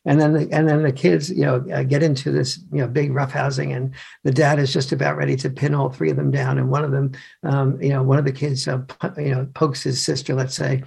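Gravelly, husky older man. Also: mid-range voice, level tone, fairly quick, darkish tone. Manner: hesitant, full of restarts, acts out scenes. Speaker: author and guest. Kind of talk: conversational explanation.

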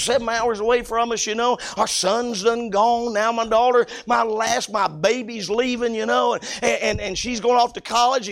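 A middle-aged pastor with a high, gravelly voice delivers his sermon. He talks folksy and homespun, and then he rises into loud preaching bursts.

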